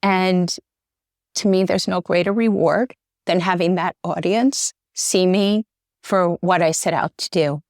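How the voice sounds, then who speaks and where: A woman's voice: lowish voice, steady tone, unhurried, a little mellow, dry recording, studio quality. A middle-aged woman, a journalist and interview guest, talking earnestly and getting choked up. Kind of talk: conversational interview.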